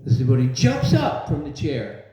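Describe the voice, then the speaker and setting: An older man tells lively, funny stories in a sermon before a gathered crowd. His voice is mellow and soft-edged. It comes through a muffled recording with heavy reverb from a large hall. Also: mid-range voice, moderate pace. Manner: humorous, lively storyteller. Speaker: devotional speaker. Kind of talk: storytelling sermon with audience call-and-response. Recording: very echoey, dull hall recording.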